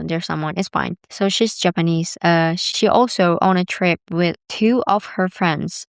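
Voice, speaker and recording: A woman's voice: fairly low pitch, clear, resonant tone, no echo, studio quality. A woman, telling stories in a chatty, rambling way full of "like". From Bali, Indonesia. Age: 20s. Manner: chatty, rambling, heavy use of "like". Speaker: vlogger. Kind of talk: casual storytelling.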